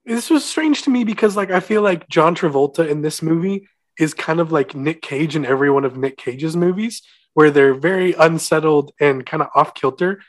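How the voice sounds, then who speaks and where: A man's voice: on the high side, moderate pace. A man co-hosting a podcast, animatedly quoting and laughing about movie lines. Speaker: podcast co-host. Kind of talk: casual movie discussion.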